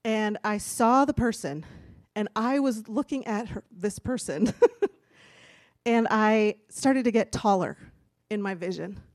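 A woman's voice: mid-range voice, a little slow, dry recording, clean studio sound. A woman giving a candid, chatty personal testimony from a church stage, laughing now and then as she talks. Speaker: speaker giving a church talk.

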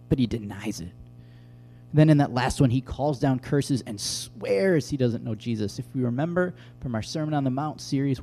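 A pastor delivers a sermon in a warm, mellow voice, speaking plainly and conversationally. He walks through scripture and ties it to everyday stories. Soft music plays faintly behind him. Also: medium pitch.

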